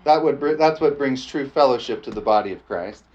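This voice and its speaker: A man preaching a lively sermon, often calling out "amen?" and joking with the congregation. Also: mid-range voice, brisk. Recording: dull lo-fi sound with faint background noise.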